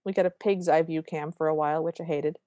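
A woman co-hosting a podcast, recapping a movie in wry, quick, casual chat. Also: low-pitched, fairly even intonation, dark tone, smooth, no room sound. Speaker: podcast co-host.

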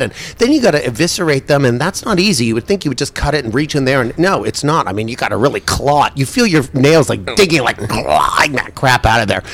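A man spins a comic personal story, his fairly high voice leaping up and down as he acts out each scene and throws in exasperated asides. Faint ambient noise sits under his voice.

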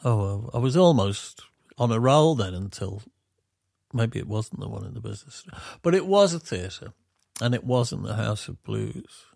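Middle-aged Yorkshire man, podcast co-host, slightly low and gravelly, wanders through anecdotes with self-mockery. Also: animated, normal speed, darkish tone, no room sound, clean studio sound. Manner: rambling, self-deprecating storyteller. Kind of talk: casual chat.

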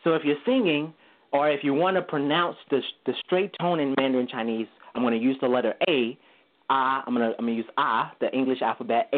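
A male guest teacher explaining Mandarin tones in a casual interview, singing vowel sounds to show each tone and laughing easily. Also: medium pitch. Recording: tinny phone line.

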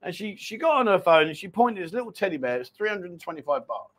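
A middle-aged man with a high-pitched voice hosts a casual livestream chat. He rambles from story to story, animated and full of asides, reading out viewer comments as he goes. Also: quick pace. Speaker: livestream host.

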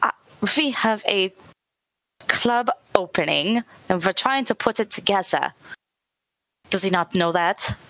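A woman's voice: mid-range voice, expressive, unhurried, pauses often, fairly bright tone, no echo, rough recording. A woman playing a tabletop role-playing game, talking in a blunt, sullen and defiant way. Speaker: player. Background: background music.

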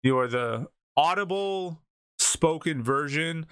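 Bright, crisp ranting man. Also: fairly high pitch, expressive, slow pace, no echo, clean studio sound. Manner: ranting, exasperated, blunt. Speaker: podcast co-host. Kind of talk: casual sports podcast rant.

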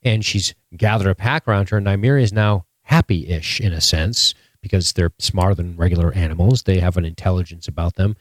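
A man with a lowish voice talks through a show recap in an excitable, profane, casual way. The sound is dry and close, with no room around it. He reads chat comments aloud between his own rants. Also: fairly quick, hardly any pauses, no echo. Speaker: podcast co-host.

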